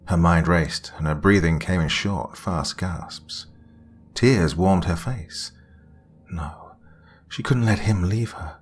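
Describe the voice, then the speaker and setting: A man narrating a scripted horror story in a hushed, dramatic storytelling manner. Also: low-pitched.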